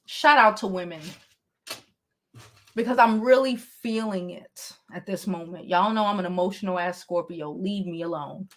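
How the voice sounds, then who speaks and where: A young adult woman hosting a gossip and advice show, chatting casually to her livestream viewers, animated, laughing often and swearing freely. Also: fairly low pitch, a little slow, pauses often.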